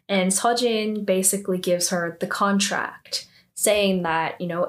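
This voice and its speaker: Chatty woman recapping a drama. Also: medium pitch. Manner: chatty, filler-heavy with frequent "like"; jumps into indignant commentary on characters.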